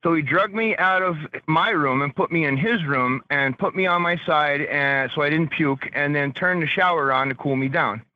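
Male caller, animated storyteller, muffled line, dry sound. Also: fairly high pitch, moderate pace, hardly any pauses, no room sound. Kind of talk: casual storytelling.

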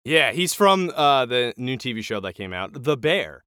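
A man's voice: medium pitch, moderate pace, smooth, dry recording, clean studio sound. A man co-hosting a podcast, retelling a TV episode in casual chat and acting out the lines as he goes. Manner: animated retelling with acted-out quotes. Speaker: podcast co-host.

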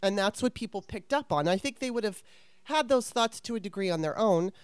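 A middle-aged woman, once an actress, tells candid stories from her career in a frank, self-deprecating way and swears freely. Her mid-range voice is expressive, fairly quick, clear and resonant, with no echo, suiting this open conversational storytelling.

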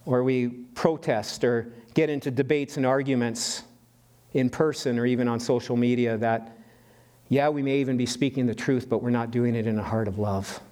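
A pastor from western Canada preaching a sermon in a lively, animated way, often restarting and repeating his words. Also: mid-range voice, moderate pace.

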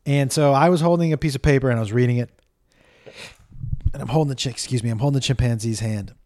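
A middle-aged man hosting a casual comedy podcast, telling stories in an animated way, acting out the people he quotes, swearing often. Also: mid-range voice, fast. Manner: animated storytelling, acts out quotes, swears, talks to his dog.

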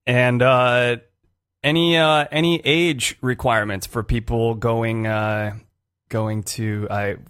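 A man's voice: mid-range voice, steady tone, slow pace, a bit bright, clean tone. A man with a mid-range voice hosts a casual chat, rambling with likes and ums while he restates what he has heard to pin it down. The sound is dry and close, with no room echo. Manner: informal, filler-heavy, restating to check understanding. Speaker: podcast host.

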